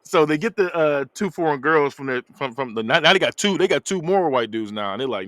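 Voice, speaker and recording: Man, podcast host, lively up-and-down voice, dry close sound, casual movie recap. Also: a little high, fairly quick, hardly any pauses, no room sound. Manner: animated storyteller, laughs often.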